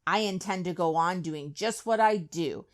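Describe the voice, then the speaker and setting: A woman's voice: lowish voice, lively intonation, unhurried, clean tone. A woman voicing a greedy, defiant male factory owner from a storybook, boastful in tone.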